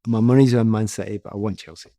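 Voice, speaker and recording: A middle-aged Scottish man, a former footballer, telling stories in a lively, self-deprecating way. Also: fairly low pitch, fast talker, gravelly, dry recording, studio quality. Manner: animated, self-deprecating, with frequent restarts. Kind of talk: casual storytelling.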